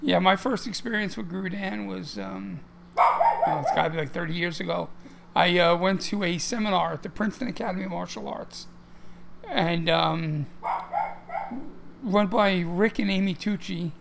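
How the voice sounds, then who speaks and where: A man's voice: high voice, moderate pace, creaky, background noise. A man co-hosting a podcast in casual chat, rambling with many restarts and fillers. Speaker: podcast co-host.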